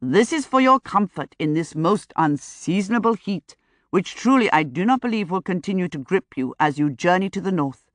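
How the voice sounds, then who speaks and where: A woman's voice: lowish voice, lively intonation, moderate pace, dry recording, lightly acted. A woman voicing a fretful, obsequious male railway agent who speaks formally and apologetically. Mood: solicitous.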